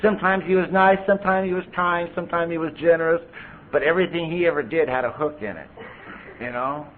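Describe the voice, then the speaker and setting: A man's voice: on the high side, quick pace, slight background noise. A middle-aged man from California telling his recovery story at a meeting, candid and conversational, full of "you know". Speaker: AA speaker. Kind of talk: recovery testimony. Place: convention hall podium. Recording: tinny lo-fi tape recording.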